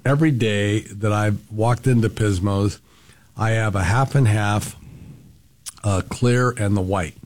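Low-voiced man explaining calmly. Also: unhurried. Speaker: restaurant owner guest. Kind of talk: casual radio interview.

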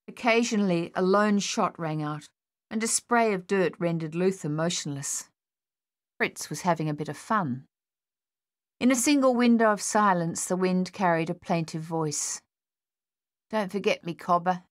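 A woman narrates an audiobook in a measured, even storytelling style. Her voice is on the low side, and the recording is clean studio sound with no room noise.

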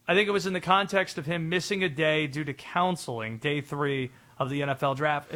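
A man's voice: a little high, fairly bright tone. A man co-hosting a sports talk show, teasing his partner with wry, jokey asides. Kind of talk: sports talk radio banter.

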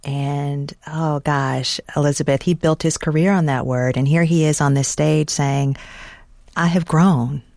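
A woman interviewing a guest, asking calm questions and introducing clips. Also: low voice, a little slow, gravelly, dry recording, clean studio sound.

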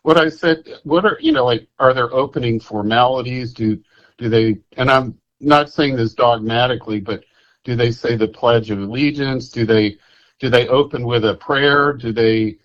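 A man calling in to a radio show, talking in a halting, folksy way and repeating himself. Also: mid-range voice, muffled recording. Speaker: caller. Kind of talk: casual call-in chat.

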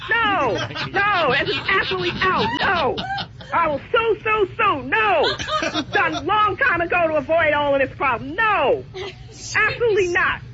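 A woman's voice: very high-pitched, lively intonation, normal speed, heavy background noise. Indignant woman on a muffled phone line. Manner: indignant, stubborn, keeps repeating herself. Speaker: prank call target. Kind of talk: phone call.

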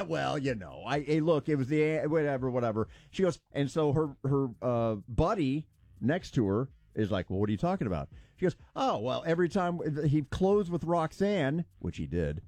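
A man's voice: on the high side, no room sound. A man co-hosting a radio show, telling a story in casual on-air banter and acting out the quotes. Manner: animated storyteller, acts out quotes.

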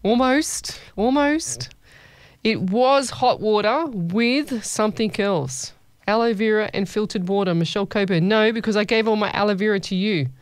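Brief: woman, radio host, smooth, clear voice, dry studio sound, easygoing chatter with listeners. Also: mid-range voice, moderate pace, hardly any pauses, no room sound. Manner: chatty, warm-hearted, calls listeners "lovey". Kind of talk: casual call-in radio chat. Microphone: studio microphone.

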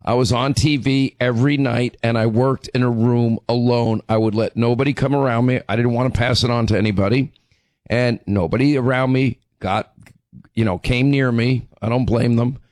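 A hoarse, middle-aged man delivers a talk radio monologue, pressing each point hard and stumbling over repeated words as he restarts his sentences. His voice sits at an ordinary pitch, and the sound is close and dry, with no room around it. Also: fairly even intonation, moderate pace, darkish tone, no room sound. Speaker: radio talk show host.

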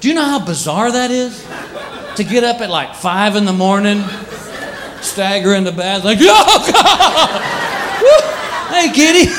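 A man's voice: sits high, moderate pace. A male stand-up comedian performing a routine on a club stage, acting out his pets in silly voices. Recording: live club recording, crowd and noise.

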